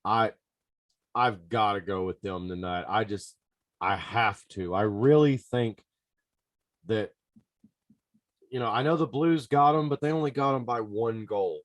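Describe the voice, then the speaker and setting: A man hosting a podcast, giving sports betting picks in an excitable, casual way and talking straight to his listeners. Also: fairly low pitch, measured pace, long pauses, no room sound. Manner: excitable, talks to listeners directly. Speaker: podcast host.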